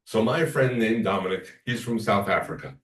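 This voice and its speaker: A man lectures a class in a low voice, rambling from story to story. He is picked up from across an echoey room. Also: moderate pace, distant mic. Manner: rambling storyteller, acts out quoted talk.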